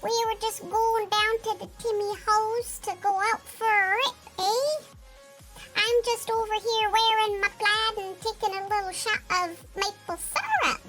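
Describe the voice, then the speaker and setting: A woman streamer voicing a cheery, over-polite Canadian caricature with an exaggerated Canadian accent and a sing-song, drawn-out delivery. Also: very high-pitched, a bit bright, faint music behind, pitched above the performer's own voice. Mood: jokey.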